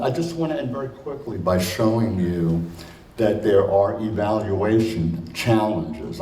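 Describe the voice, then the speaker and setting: Man, conference lecture, conversational, deep mellow voice, roomy hall, distant mic. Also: a little hiss or hum. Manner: conversational, many fillers, slows to stress points. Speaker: conference speaker.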